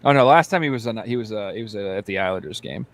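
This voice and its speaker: A man's voice: on the low side, animated, very fast. A man hosting a podcast in casual chat, rambling and joking with lots of fillers and restarts. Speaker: podcast host.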